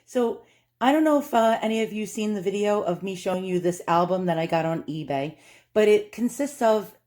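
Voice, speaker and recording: A woman with a New York accent talks to her viewers in a loose, casual vlog. Her voice sits at an ordinary middle pitch. She sounds anxious and self-deprecating, trailing off and piling up fillers as she goes. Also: fairly quick, mellow. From Long Island, New York. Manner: nervous, rambling, self-deprecating, lots of fillers. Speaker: vlogger.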